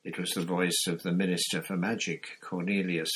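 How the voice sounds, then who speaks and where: Low husky male audiobook narrator. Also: normal speed, hardly any pauses, poor audio. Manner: even, storytelling delivery. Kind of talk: scripted narration.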